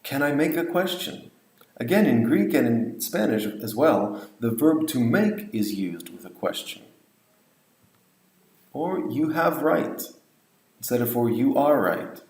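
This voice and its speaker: A man's voice: medium pitch, big pitch swings, measured pace, darkish tone, roomy sound, poor audio. A man lecturing on language teaching, explaining points and modeling example phrases. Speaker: English teacher trainer.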